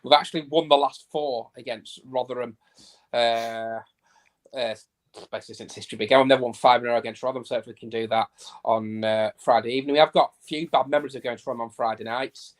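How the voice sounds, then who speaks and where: A man guesting on a football fan podcast, reeling off figures and dates. He keeps it conversational and unhurried, in an ordinary middle register. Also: medium pitch, fairly even intonation. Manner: reels off statistics in a chatty, easygoing way. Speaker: stats guest. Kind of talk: casual podcast chat.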